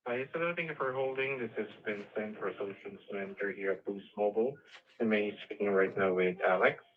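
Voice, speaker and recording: A man's voice: lowish voice, brisk. Formal male manager over a phone line. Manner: formal, scripted. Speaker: resolutions manager. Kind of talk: customer service phone call. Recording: thin telephone line.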